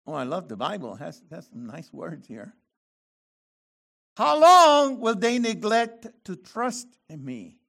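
Preaching a sermon in a high, creaky voice, a man reads scripture slowly before bursting into loud, animated exclamations.

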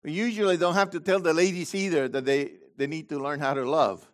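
A man preaching a sermon as pastor, swinging between loud high emphasis and low quiet asides. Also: fairly even intonation, brisk.

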